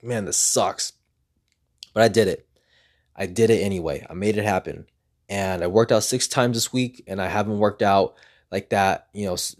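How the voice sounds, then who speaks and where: A man's voice: fairly low pitch, darkish tone. A man talking earnestly in a casual motivational vlog, rambling and repeating himself as he pushes himself on. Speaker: vlogger.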